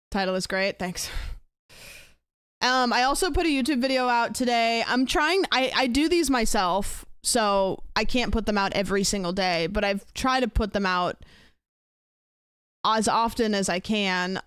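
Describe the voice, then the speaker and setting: A woman's voice: mid-range voice, a bit bright, clean tone, no room sound, studio quality. A young woman streamer chatting casually and rambling with her live viewers, thanking them for gifts.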